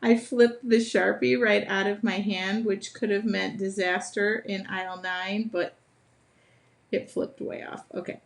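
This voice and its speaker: A woman's voice: medium pitch, steady tone, a little slow, creaky. A woman hosting a live drawing session from her art studio, chatting in an upbeat, self-deprecating way while she draws. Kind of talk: casual live demonstration.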